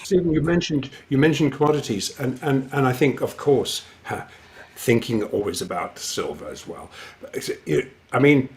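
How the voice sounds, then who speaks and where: A man's voice: mid-range voice, expressive, normal speed. Brief: male interviewer, conversational, guides the discussion.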